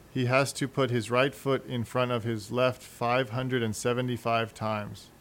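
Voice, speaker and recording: A man giving scripted storybook narration in a measured, wry manner. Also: medium pitch.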